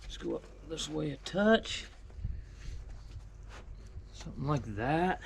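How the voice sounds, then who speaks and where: A man's voice: fairly high pitch, expressive, takes it slowly, vocal fry, a little hiss or hum. A man working as a mechanic who talks casually and thinks aloud while he works on an engine in a truck repair shop. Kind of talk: casual work vlog, talking while repairing.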